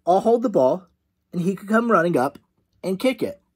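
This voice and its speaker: A man's voice: sits high, very animated, moderate pace, breathy edge, voice pushed up, full character voice. A man doing a bossy scheming little girl. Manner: sing-song, teasing.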